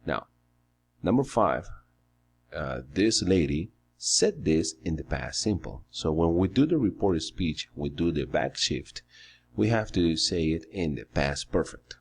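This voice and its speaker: Deep, husky-voiced male English teacher. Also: lively intonation. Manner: slow, patient step-by-step explaining. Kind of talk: recorded grammar and vocabulary lesson.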